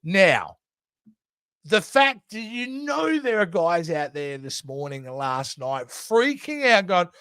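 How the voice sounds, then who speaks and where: Aussie guy in his 50s, high voice that jumps around a lot, rambly, restarts sentences, dry close sound. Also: slow pace, clean tone, dry recording. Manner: animated, rambling, trailing off and restarting. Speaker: co-host. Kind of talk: casual chat.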